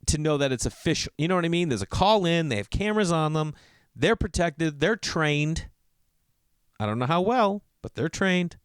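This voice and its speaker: A middle-aged man tells a story on his podcast in a loose, lively way, his pitch swinging widely as he acts out what people said. He swears freely. The sound is dry and close, with no room around it. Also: no room sound. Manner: animated, swears freely, acts out quoted lines with jumps in pitch. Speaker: podcast host. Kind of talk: casual storytelling monologue.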